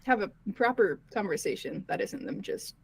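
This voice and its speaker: A woman's voice: medium pitch, sing-song, normal speed, vocal fry, a little hiss or hum. A woman player in a tabletop game, eager and chatty. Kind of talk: tabletop role-play chat.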